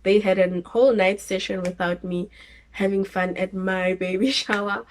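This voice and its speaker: A young South African woman casually telling her birth story, animated and laughing as she acts out moments. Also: mid-range voice, moderate pace, a little hiss or hum. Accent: South African English.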